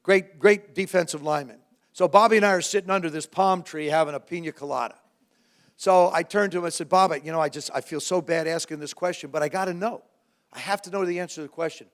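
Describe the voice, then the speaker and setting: A man around seventy, from New Jersey, telling lively, self-mocking stories to a live audience as a former quarterback and guest speaker. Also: a little high, quick pace. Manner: lively anecdotes with self-mocking humor, frequent restarts. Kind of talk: storytelling talk to a live audience.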